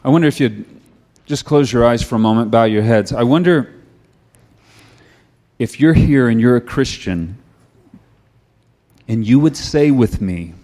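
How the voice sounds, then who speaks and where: A middle-aged man preaching a sermon. He tells stories in a conversational way and moves into quiet, earnest prayer. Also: mid-range voice, lively intonation, unhurried, pauses often.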